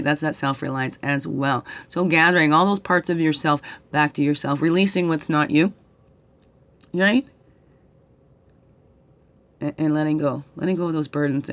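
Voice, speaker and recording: A woman's voice: low-pitched, fairly bright tone. A middle-aged woman, tearful, leading a reflective spiritual guidance talk as a tarot reader, coaxing listeners with questions and a constant "right?".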